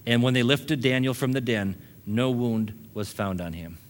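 A man's voice: medium pitch, moderate pace. Male pastor, mid-range voice, sermon delivery with rising emphasis and easy asides.

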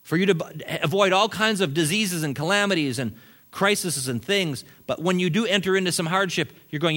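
A middle-aged man preaches a sermon in a church. His voice sits a bit high for a man, and he swings from loud emphatic lines to quiet, low asides. He chuckles briefly between his points. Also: fairly quick. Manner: animated preaching with sudden drops to quiet asides. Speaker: pastor. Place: church sanctuary.

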